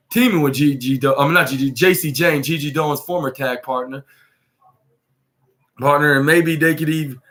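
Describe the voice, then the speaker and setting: A man with a voice a little on the high side talks through a recap as a podcast host. He rambles casually, stumbles over names and keeps restarting his sentences before landing on the point. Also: a bit bright. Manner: rambling, with frequent restarts and self-corrections. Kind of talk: casual recap of a wrestling show.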